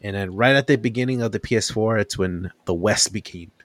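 A man's voice: on the low side, a little fast, no room sound. A young man in casual podcast chat, telling stories with animation and acting out what others said. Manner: animated storytelling, acts out quotes.

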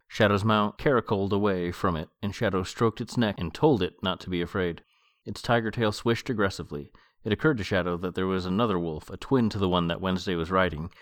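A man with a very low voice reads a novel aloud for his podcast. His delivery is calm and measured, shifting into relaxed commentary. The sound is dry and close, with no room echo. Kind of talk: book reading and commentary.

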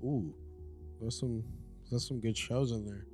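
A man's voice: mid-range voice, fairly even intonation, a little slow, warm tone. A man co-hosting a casual horror-movie podcast, laid-back and joking, swearing freely, with music faint behind him. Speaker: podcast co-host. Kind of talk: casual chat.

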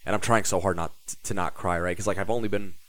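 A man's voice: deep voice, steady tone, fast talker, a bit bright. A young man hosting a podcast, telling a personal story casually, swearing and acting out what people said. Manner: storytelling, swears casually, acts out quoted dialogue. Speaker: podcast host.

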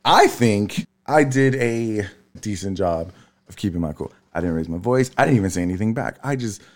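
A man in his thirties telling a family story in casual chat, tired, swearing freely and leaping up in pitch when he quotes people. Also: normal speed. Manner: animated storyteller, swears freely, jumps high when quoting. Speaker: podcast co-host.

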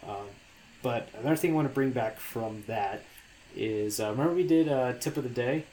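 A man's voice: mid-range voice, moderate pace, dark tone. Young man chatting with many ums. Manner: hesitant, many fillers and restarts. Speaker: podcast co-host. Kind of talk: casual podcast chat.

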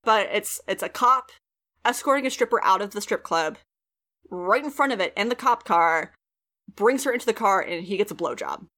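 A woman hosting a podcast, retelling TV episodes in an animated, casual way and swearing freely. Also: mid-range voice, normal speed. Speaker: podcast host recapping a TV show. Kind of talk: casual chat.

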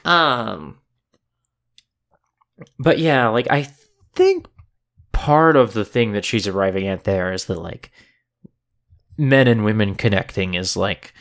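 A podcast co-host in casual chat, talking hesitantly with many fillers and pauses. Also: medium pitch, gravelly.

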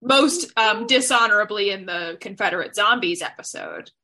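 A woman's voice: mid-range voice, animated, moderate pace, bright, forceful tone. A woman co-hosting a casual podcast, talking enthusiastically and laughing often. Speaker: podcast co-host.

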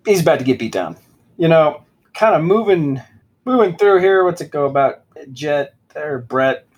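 Sarcastic husky-voiced man. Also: fairly high pitch, expressive, normal speed, dull audio. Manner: sarcastic, reads passages aloud with mock dramatic voices. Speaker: podcast co-host. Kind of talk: casual mocking book review chat.

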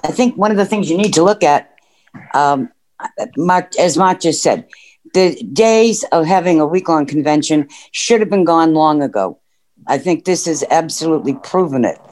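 This man calls in to a discussion program, and his voice sits slightly high with a lively intonation and a mildly mellow quality. He speaks at a moderate pace, making earnest call-in comments and sometimes losing track of his thoughts.

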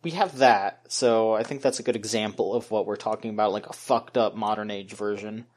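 A woman hosting a podcast in a relaxed way, reading out listener questions. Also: very deep voice, brisk. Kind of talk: casual chat.

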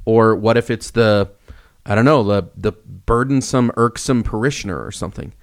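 A young man co-hosting a casual podcast, telling stories with lively swings and acting out the voices in them. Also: on the low side, normal speed, vocal fry. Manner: animated storyteller, acts out quoted voices. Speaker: podcast co-host.

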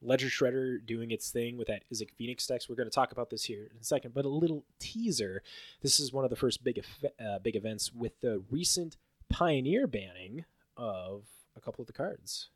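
A man's voice: mid-range voice, fairly quick, no room sound, studio quality. A man co-hosting a podcast, chatting casually and rambling through card game stats with lots of fillers. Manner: rambling, filler-heavy, animated when listing stats. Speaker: podcast co-host. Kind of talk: casual chat about card game results.

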